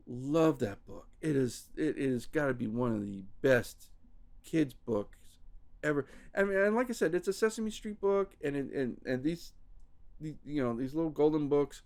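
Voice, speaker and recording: A man's voice: mid-range voice, big pitch swings, normal speed, darkish tone. A man hosting a podcast, chatting casually and rambling about books, often restarting his sentences. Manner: rambling, restarting, self-interrupting. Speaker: podcast host.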